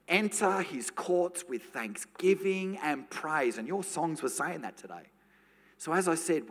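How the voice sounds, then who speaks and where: A man preaching a sermon to a congregation, telling a lively personal story and then slipping into soft, prayerful tones. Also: mid-range voice. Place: church. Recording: long reverb of a church hall.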